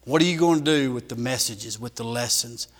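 A man preaching a sermon in a church, shifting from loud emphatic bursts to hushed lines. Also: medium pitch, a little fast, long reverb tail. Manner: emphatic preaching with big swings in volume.

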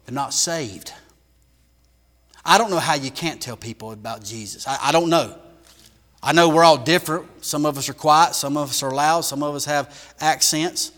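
A man preaching a sermon in a church, shifting from loud emphatic bursts to hushed lines. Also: on the high side, normal speed, big-room sound. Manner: emphatic preaching with big swings in volume.

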